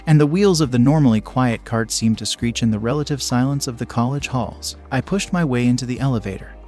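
A man's voice: medium pitch, a little fast, a little mellow. Young man narrating a story over music. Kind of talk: first-person story narration. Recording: faint background music.

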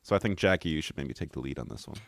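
A man's voice: extremely low pitch, expressive, racing, dry recording. A man co-hosting a comedy podcast, reading a news story aloud with wry, mock-serious asides. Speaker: podcast co-host.

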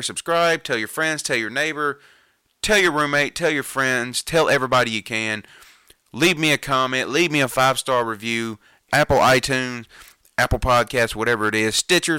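A man hosting a podcast, ranting in casual talk and gushing like an excitable fan. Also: mid-range voice, clear, resonant tone, no echo. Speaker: podcast host. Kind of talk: casual movie-trailer rant.

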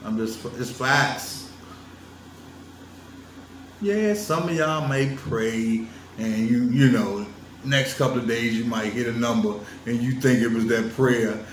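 Slow-talking man in an echoey room. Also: medium pitch, slight background noise. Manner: emphatic, teasing, laughs often, addresses viewers directly. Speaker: vlogger lecturing on religion. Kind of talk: casual monologue to viewers. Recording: roomy sound from a distant mic with faint ambience.

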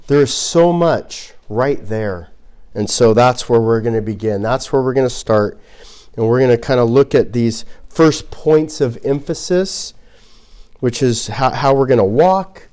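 Male pastor, conversational preaching, animated, acts out examples. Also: medium pitch. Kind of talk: sermon.

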